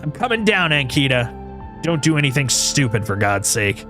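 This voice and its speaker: A man's voice: medium pitch, normal speed, soft background music, lightly acted. A man voicing a shaky, desperate man who pleads and justifies himself in a video game. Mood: pleading.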